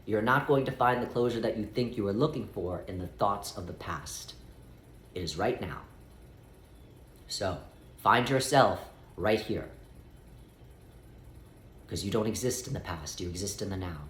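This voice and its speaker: A man giving a spiritual guidance talk, speaking as "we" in a measured way and stretching out key phrases. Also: on the low side, lively intonation, a bit bright, echoey room, a little hiss or hum. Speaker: spiritual teacher.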